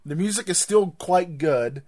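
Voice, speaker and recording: A man's voice: high-pitched, unhurried. A man co-hosting a casual podcast, laughing often and steering the talk along. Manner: lively, laughing, keeps discussion on track. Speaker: podcast co-host. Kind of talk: casual chat.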